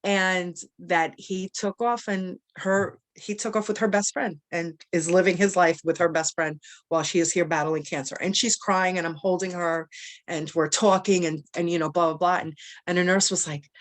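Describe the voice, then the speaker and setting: Lowish-voiced woman telling her story. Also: normal speed. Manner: animated, many fillers, quotes people in dialogue. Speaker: cancer survivor guest. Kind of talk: personal storytelling.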